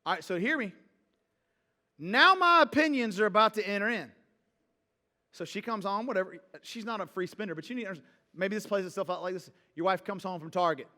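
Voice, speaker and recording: Male pastor, high bright voice, conversational sermon storytelling in a long-reverb church hall. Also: fairly quick. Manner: conversational, animated storytelling with a call-and-response feel. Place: church sanctuary.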